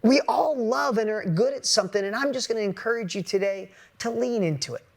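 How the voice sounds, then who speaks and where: A man giving a blunt, energetic motivational talk to an audience as a business coach, casual and swearing freely. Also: sits high, fairly quick, creaky.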